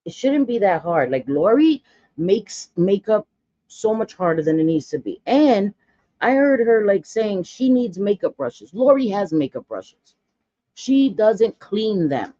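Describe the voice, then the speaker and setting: A woman's voice: mid-range voice, very animated, measured pace, warm tone, no room sound, muffled recording. A woman in her forties chatting bluntly through a makeup tutorial, gossipy and full of dramatic asides. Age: 40s. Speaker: makeup vlogger.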